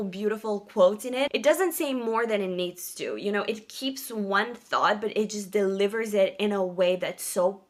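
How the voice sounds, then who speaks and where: Young woman book vlogger, casual and gushing, expressive with quick asides. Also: medium pitch. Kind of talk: casual reading vlog chat. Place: sitting in one spot, filming herself.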